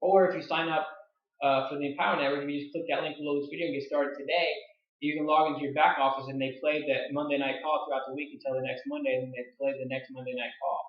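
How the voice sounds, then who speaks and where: A man in his early twenties telling a story to camera in a casual, excitable way, full of "like" fillers. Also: a little high, fast talker. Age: 20s. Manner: excitable, filler-heavy, lots of "like". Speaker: online marketing vlogger. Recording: roomy, dull lo-fi sound.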